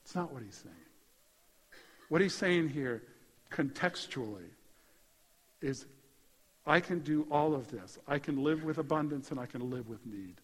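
Animated preaching man in reverberant hall. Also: fairly high pitch, unhurried, pauses often, husky. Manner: animated, conversational preaching with rising emphasis. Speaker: pastor. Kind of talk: sermon.

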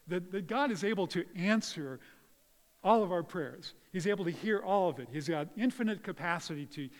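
Guy preaching, kinda high voice, earnest, goes soft then loud, long echo from the hall. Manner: earnest, varies between hushed and loud emphasis. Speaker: pastor. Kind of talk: sermon.

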